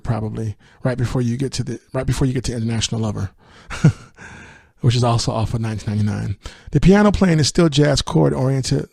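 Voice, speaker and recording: A man hosting a music podcast, chatting casually through an album review, sometimes singing lines of the lyrics, laughing, and rushing through his asides. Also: medium pitch, a little mellow, no room sound, clean studio sound. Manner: sings lyric snippets, laughs often, speeds up on asides.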